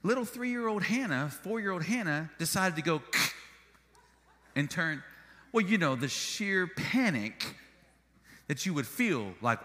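A man's voice: high-pitched, a little slow, pauses often, in a large hall. A male pastor preaching a sermon, telling stories with humor and energy. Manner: animated storytelling with humor.

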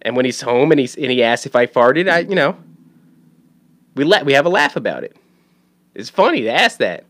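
Rambling, profane dad talking casually. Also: male voice, mid-range voice, sing-song, moderate pace, long pauses, fairly bright tone. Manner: rambling, profane, many restarts. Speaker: father talking about his son. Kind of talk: casual monologue.

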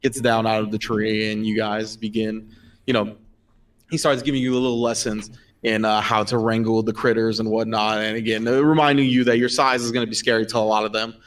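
Man, game master, casual, relaxed, lots of fillers. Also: on the low side, fairly quick, far from the mic. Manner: relaxed, filler-heavy, laughs often. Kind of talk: narrating a tabletop game.

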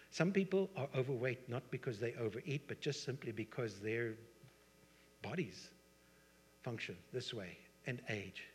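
A man's voice: mid-range voice, a little hiss or hum. A middle-aged man with a South African accent preaching a sermon, conversational, with asides and rhetorical questions to the congregation. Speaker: pastor. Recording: long hall reverb.

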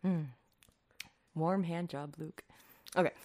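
Bright giggly woman cohosting a podcast, voice bounces around a lot. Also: on the low side, big pitch swings, brisk. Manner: giggly, laughs often. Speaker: podcast co-host. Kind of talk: casual chat. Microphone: studio mic with pop screen.

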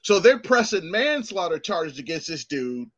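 A middle-aged podcast host with a slightly high voice speaks at normal speed. He tells stories in a casual chat, animatedly acting out the voices of those he quotes and swearing freely.

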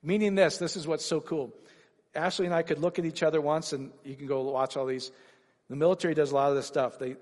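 A man preaching a sermon to a congregation, animated and rising to excited exclamations. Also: on the high side, fast talker, in a large hall.

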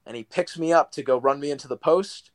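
A man's voice: fairly high pitch, fast, dry recording. A young man, a guest pro wrestler, telling stories in a casual interview, rambling with lots of likes and you-knows.

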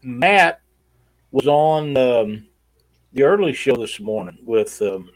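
A man's voice: medium pitch, lively intonation, slow pace, dry recording, rough recording. A man co-hosting a live stream giveaway in a casual, folksy way, reading chat comments aloud.

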